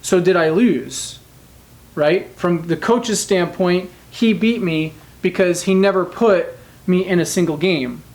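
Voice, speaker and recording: A man's voice: sits high, slow pace, darkish tone. A man, a motivational speaker, telling a personal story in a candid, emphatic way and often checking in with "right?". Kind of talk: storytelling monologue.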